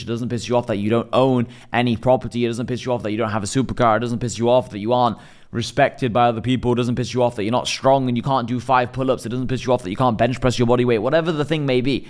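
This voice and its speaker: Fast-talking blunt man. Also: medium pitch. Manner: blunt, swears freely, acts out quick imagined voices. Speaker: self-improvement vlogger. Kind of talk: motivational monologue to camera.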